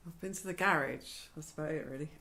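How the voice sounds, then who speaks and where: A woman's voice: low-pitched, quick pace, creaky, sharp tone. A woman, chatting in a down-to-earth, casual way. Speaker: vlogger's wife. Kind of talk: casual chat.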